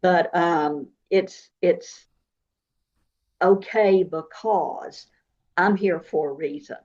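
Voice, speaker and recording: A woman, a psychic and Reiki practitioner, talking in an unhurried, soft-spoken way as an interview guest. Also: on the low side, highs cut off. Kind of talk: casual interview talk.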